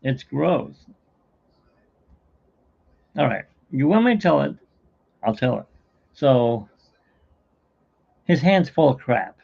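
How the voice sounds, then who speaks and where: A man's voice: mid-range voice, expressive, takes it slowly, creaky, long pauses, darkish tone, muffled recording. A middle-aged man hosting a live stream, chatting casually and telling jokes in a rambling, self-mocking way.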